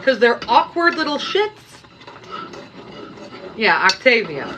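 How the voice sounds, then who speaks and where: A woman's voice: high voice, sing-song, unhurried, long pauses, very noisy. A woman live-streaming from her kitchen, chatting casually with viewers and playfully scolding them as she cooks. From Canada. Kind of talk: casual live-stream chat while cooking.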